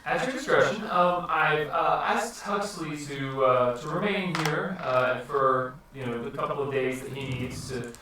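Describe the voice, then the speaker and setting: A man narrating a tabletop game as game master, in an animated way. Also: medium pitch, measured pace, hardly any pauses, noisy background. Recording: echoey room, far from mic.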